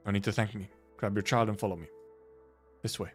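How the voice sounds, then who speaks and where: A man voicing a weary wandering man who speaks in short, guarded, flat lines. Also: brisk, faint music behind, lightly acted. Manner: terse, low, flat.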